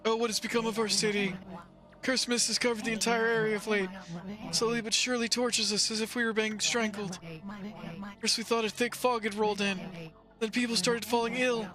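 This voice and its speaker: A man voicing a frail, fretful old male gardener in a video game, speaking slowly and mournfully. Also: high voice, level tone, over music, voice pushed up, natural voice.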